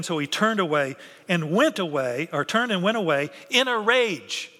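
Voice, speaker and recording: Animated preacher in a reverberant hall. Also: male voice, sits high, moderate pace. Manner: animated, acts out biblical characters' voices. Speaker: pastor. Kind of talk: sermon.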